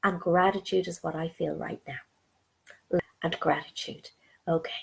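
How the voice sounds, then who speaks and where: A woman's voice: lowish voice, fairly even intonation, normal speed, gravelly. A middle-aged woman talking casually on a live video stream as a spiritual speaker. She greets viewers by name, reads their comments aloud, and speaks in a reassuring way, sometimes dropping to a near-whisper. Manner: soothing and reassuring, drops to soft near-whispers.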